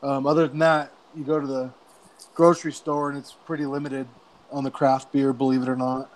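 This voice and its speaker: A man from Idaho, a guest on a casual beer chat show, talking in a relaxed, rambling way. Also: mid-range voice, fairly quick.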